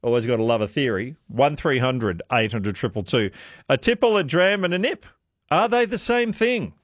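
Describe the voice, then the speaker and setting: Lively radio host man. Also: medium pitch, moderate pace, no echo, studio quality. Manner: chatty, musing aloud with strings of questions. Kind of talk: talkback radio chat. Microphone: studio microphone.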